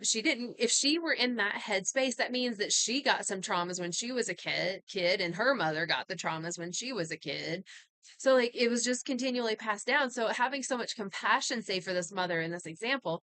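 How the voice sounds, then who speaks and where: Bright, clear-voiced woman talking healing. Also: mid-range voice, lively intonation, normal speed, no echo. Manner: earnest, conversational, many asides. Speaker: healing talk host. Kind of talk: casual motivational talk.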